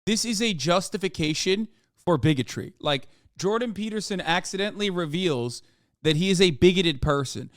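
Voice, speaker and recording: A man's voice: high voice, animated, normal speed, dry recording, studio quality. A man streaming casual reaction commentary, sarcastic and profane, rambling as he riffs.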